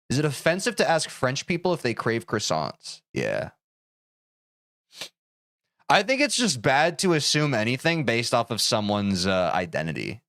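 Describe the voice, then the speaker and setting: A male streamer talking casually with his chat, with lots of movement in his pitch. He sounds animated, jokey and self-deprecating as he responds to messages. The recording is dry and close, with little room sound. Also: moderate pace, no room sound.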